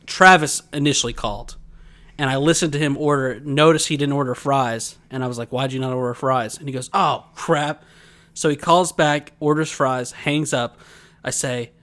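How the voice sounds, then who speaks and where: A man co-hosts a laid-back podcast, winding through long anecdotes and breaking into laughter along the way. His voice sits at an ordinary middle pitch. He is from Georgia. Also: fairly bright tone. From Georgia, USA. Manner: rambling storyteller, laughs often. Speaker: podcast co-host. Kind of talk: casual chat.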